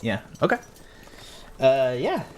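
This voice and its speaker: A man narrating as game master in a relaxed, casual way, with many fillers. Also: medium pitch, slow pace.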